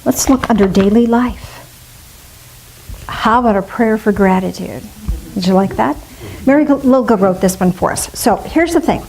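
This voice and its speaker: A woman's voice: on the high side, normal speed, slight background noise, low-quality recording. Chatty woman giving a casual sermon. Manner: warm, chatty and playful, with soft gushing voices when imitating. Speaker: minister leading a spiritual fellowship.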